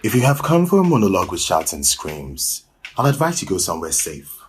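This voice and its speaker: A man performing a comic storytelling monologue and pausing for dramatic effect. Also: low voice, wildly swooping pitch. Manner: deliberate storytelling with dramatic pauses. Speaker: actor.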